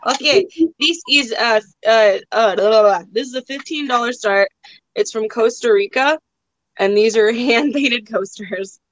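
High, slow-talking playful woman auctioneer. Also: fairly bright tone, dry recording, poor audio. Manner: playful, joking, puts on a broken-English accent. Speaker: host of a live online auction. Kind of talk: live sale chat.

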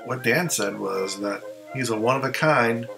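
A man's voice: mid-range voice, moderate pace, creaky, over music, rough recording. A man who collects ventriloquist figures, chatting casually in a rambling show-and-tell and second-guessing himself as he goes.

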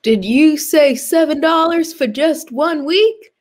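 A woman's voice: sits high, slow pace. A woman voicing a poor rural laborer in a put-on Arkansas accent, reading comic lines with a folksy drawl. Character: poor rural man, a plain-spoken laborer.

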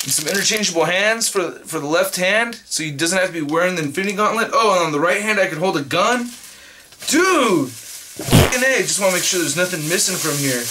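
Excitable man, high and bright, casual vlog delivery, swears and shouts. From Northern California. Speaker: vlogger.

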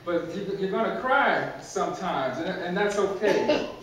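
A man's voice: high voice, animated, measured pace, a bit bright, a little hiss or hum. Echoey preacher man from far off. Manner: conversational, repeats words, chuckles at own jokes. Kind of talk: sermon with humor. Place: church sanctuary.

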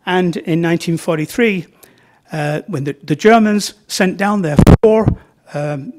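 A man's voice: high voice, a little slow, noisy background. A man giving an informal library talk about his novels, conversational and joking, with fillers as he points to slides.

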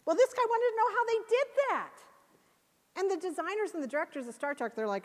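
A woman's voice: high voice, fast. A woman giving a passionate, emphatic conference talk. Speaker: conference speaker. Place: conference hall. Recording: long hall reverb.

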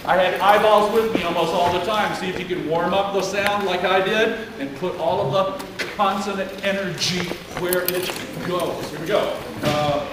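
A man directing a choir rehearsal, coaching the singers with encouragement and singing phrases to show them how. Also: high-pitched. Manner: encouraging, sings phrases to demonstrate. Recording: echoey room heard from far off with background noise.

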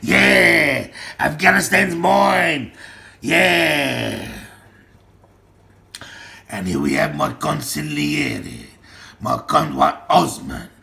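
A man in an angry, rambling monologue, shouting names and threats and swearing constantly. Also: fairly high pitch, very slow, gravelly, pauses often. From Australia. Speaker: self-styled gang boss ranting to camera.

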